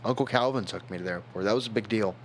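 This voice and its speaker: A young man on a stream telling a personal story, tipsy, rambling and halting, growing emotional. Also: lowish voice, slight background noise.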